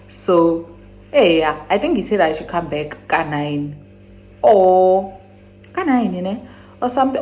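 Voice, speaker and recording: A young woman from South Africa with a South African accent tells a personal story on her channel. She rambles and restarts, then jumps to high exclamations. Her voice sits fairly low for a woman. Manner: animated, rambling retelling with sudden high exclamations. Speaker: YouTuber. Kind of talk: casual storytime.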